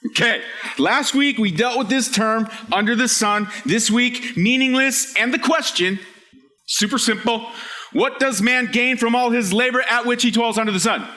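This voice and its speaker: A man preaching an energetic sermon to a live congregation, emphatic and joking, sometimes shouting a point. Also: extremely high pitch, normal speed. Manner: animated, emphatic, shouts for emphasis, jokes with the audience. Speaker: pastor. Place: church hall with a live congregation.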